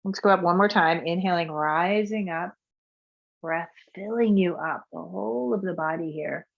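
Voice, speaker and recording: A woman yoga instructor leading a guided breathing and movement practice in a soft, calm way, her voice trailing off quietly on the exhales. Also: on the low side, moderate pace, creaky, lo-fi sound.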